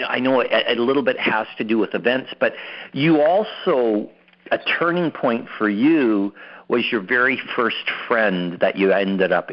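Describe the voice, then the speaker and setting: A man's voice: medium pitch, lo-fi sound. A man hosting an interview, upbeat, often repeating words as he starts a sentence. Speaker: host. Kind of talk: interviewing a guest.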